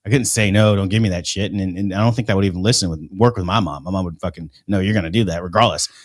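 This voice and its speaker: A man with a fairly low voice chats casually, swearing freely as he winds through a long personal story. The sound is dry, with no room around it. His talk is loose and rambling, full of restarts. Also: very fast, breathy edge, no room sound. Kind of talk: casual podcast chat.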